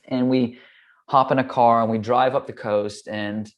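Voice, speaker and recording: A yoga teacher from Hawaii and California, appearing as an interview guest, tells stories in a relaxed, chatty way full of "um" and "like," acting out the voices of the people in them. His voice is medium-pitched and unhurried, and the audio sounds dull.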